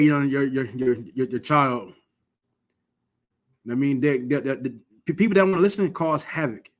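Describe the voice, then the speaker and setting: A man from Michigan giving an informal, earnest class on religious law, urging listeners directly and often restarting his phrases. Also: mid-range voice. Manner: earnest, exhortative, frequent restarts. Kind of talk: informal scripture teaching.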